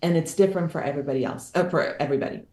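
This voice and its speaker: Low-voiced woman telling a candid story. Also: rapid-fire, dark tone, roomy sound. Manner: candid and emphatic, repeats phrases for effect. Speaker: guest author. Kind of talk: personal storytelling.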